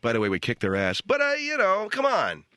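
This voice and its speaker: Middle-aged male radio comic, deadpan ranting monologue, bright tone, swings pitch a lot, dry studio sound. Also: a little fast, smooth, no echo. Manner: deadpan rant jumping to shouted quotes. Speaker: radio comedy host. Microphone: studio radio mic.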